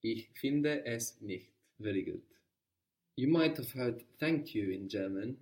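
A man's voice: medium pitch, expressive, slow pace, a little mellow, distant mic. A man teaching a guided language lesson, patiently prompting his student with questions.

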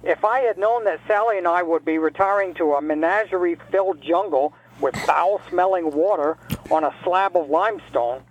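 A man's voice: high-pitched, normal speed, dull audio, close to an everyday voice. A man playing a grumpy retired caller from New Jersey, who rants sarcastically and trades insults in a comedic call-in bit. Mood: grumbling.

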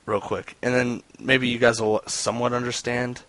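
A man's voice: mid-range voice, level tone, normal speed, a bit bright, no echo. Guy rambling to his stream chat, swears a lot, loose and casual.

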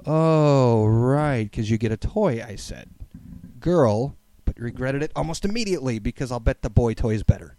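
A man hosting a podcast, reading a comic blog aloud with playful, animated storytelling and chatting between passages. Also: medium pitch, normal speed. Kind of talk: dramatic comic reading with chat.

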